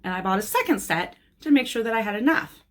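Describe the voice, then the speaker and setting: A woman's voice: on the high side, lively intonation, fast talker, a bit bright. A woman nail technician chatting casually and bluntly while showing nail art supplies she bought. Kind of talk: casual product haul talk.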